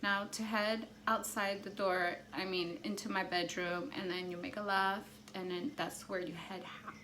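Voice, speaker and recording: Woman, vlogger, personal storytelling, animated, excitable, says "like" a lot, average pitch. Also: slight background noise. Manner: animated, excitable, heavy use of "like".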